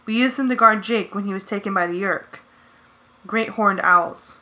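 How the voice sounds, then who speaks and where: A woman's voice: mid-range voice, moderate pace, sharp tone, natural voice. A woman voicing an anxious, guilt-stricken teenage girl in a fan audiobook, with a pleading, shaky delivery. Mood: urgent. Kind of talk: fan audiobook character reading.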